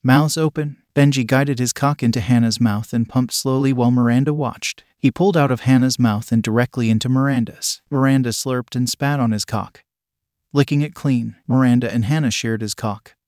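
A man reading an erotic story aloud in a steady, unhurried voice. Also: mid-range voice, dry recording, clean studio sound. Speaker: narrator.

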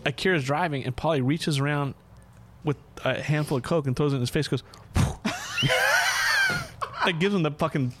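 A man's voice: fast talker, background noise. A man hosting a podcast, telling a rowdy road-trip story in casual chat, acting out quotes with sudden jumps in voice and frequent laughter. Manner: animated, profane, acts out quotes with big pitch jumps and laughs.

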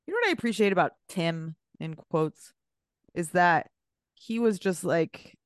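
A woman co-hosting a podcast in casual chat, animated and chatty with lots of filler words. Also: fairly low pitch, measured pace, smooth, dry recording, studio quality. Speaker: podcast co-host.

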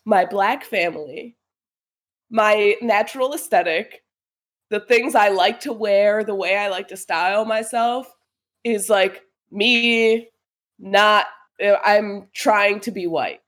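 A young woman in casual conversation, relaxed, often saying "like" and laughing easily. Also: medium pitch, takes it slowly. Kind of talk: casual chat.

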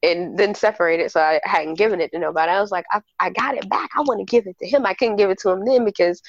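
A woman guest on a podcast tells a personal story candidly and animatedly in casual chat, acting out quoted dialogue. Her voice is lowish, on a dry, lo-fi recording.

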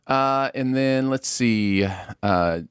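A man's voice: medium pitch, smooth, no room sound, studio quality. A man hosting a casual livestream, reading out chat messages with lots of hesitant fillers and easy laughter. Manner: halting, full of uh and um, laughs easily.

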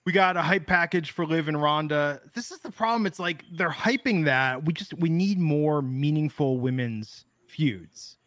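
A man's voice: a little high, moderate pace, few pauses, fairly bright tone, dry recording. A man co-hosting a casual wrestling podcast, rambling with lots of fillers and wry jokes. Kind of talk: casual chat.

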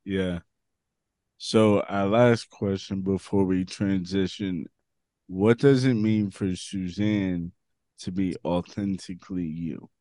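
Slow, smooth-voiced man co-hosting. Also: low voice, warm tone, no room sound. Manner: hesitant, many fillers. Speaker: podcast co-host. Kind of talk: casual interview chat.

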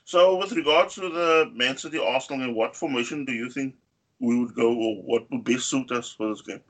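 A man co-hosting a casual football podcast, talking in an animated way with many fillers and pitch rising on key points. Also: normal speed. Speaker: podcast co-host.

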